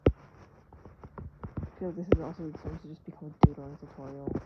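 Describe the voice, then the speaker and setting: A young adult rambling casually while drawing, joking at their own expense and dropping into hushed asides. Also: medium pitch, steady tone, fairly quick, long pauses. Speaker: vlogger doodling on stream. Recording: loud background noise with clicks.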